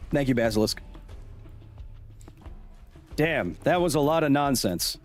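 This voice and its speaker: Animated, jokey man streaming a game. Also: mid-range voice, measured pace, pauses often, faint music behind. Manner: animated, jokey, chuckles often, drifts into explaining science. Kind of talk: casual gaming commentary. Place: home streaming room with a fan.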